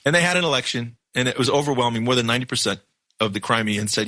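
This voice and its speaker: A man's voice: medium pitch, expressive, fast talker, sharp tone, no echo. A man from New York hosting a radio news show, talking in an emphatic, rambling monologue with many restarts. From New York, USA.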